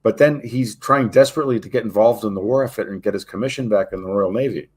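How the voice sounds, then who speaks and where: A man co-hosting a history show, asking long halting questions full of fillers. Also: on the low side, darkish tone, breathy edge. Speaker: podcast co-host. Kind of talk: interview questions.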